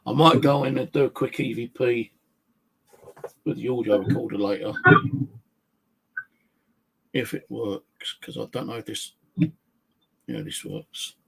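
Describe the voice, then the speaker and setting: A man streaming live from his flat as a ghost hunter, muttering to himself between calls out to spirits. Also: medium pitch, unhurried, vocal fry, long pauses, a little hiss or hum, low-quality recording. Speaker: paranormal investigator streaming live. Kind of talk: casual live-stream monologue. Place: at home in his flat, indoors.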